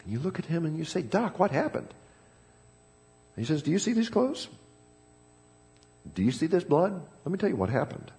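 Man preaching a sermon, somewhat high voice, very lively pitch, dramatic storytelling. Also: normal speed, long pauses. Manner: dramatic storytelling, swings between loud emphasis and hushed tones. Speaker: pastor. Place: church sanctuary.

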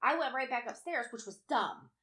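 A woman co-hosting a casual chat, telling an animated story with heavy swearing and acted-out quotes. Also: sits high, moderate pace.

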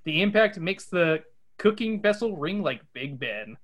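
A man hosting a podcast, reading a children's adventure book aloud with animated asides and character voices. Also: high-pitched, measured pace.

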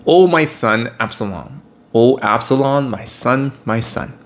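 Guy doing a heartbroken old king wailing for his son, lowish and sorrowful. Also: expressive, unhurried. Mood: grieving. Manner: sorrowful, lamenting.

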